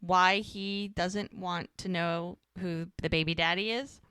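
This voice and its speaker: Bright, crisp-voiced woman recapping episodes. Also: on the low side, slow. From United States. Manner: chatty, rambling, quotes characters in lively voices. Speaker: podcast co-host. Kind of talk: casual recap chat.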